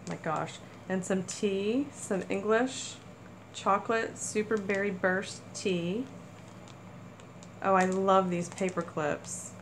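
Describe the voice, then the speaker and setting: A woman hosting a casual crafting haul video, gushing with excitement over small items. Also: mid-range voice, takes it slowly, a little hiss or hum, low-quality recording. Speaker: crafting channel host. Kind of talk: casual haul chat to camera.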